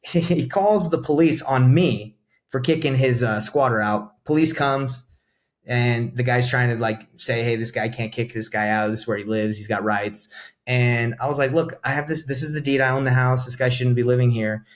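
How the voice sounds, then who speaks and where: A man's voice: medium pitch, moderate pace. A young man from Atlanta, a podcast guest, telling a story in casual talk and acting out what people said. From Atlanta, USA. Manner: animated, acts out quoted dialogue with lively swings. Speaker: podcast guest, real estate investor.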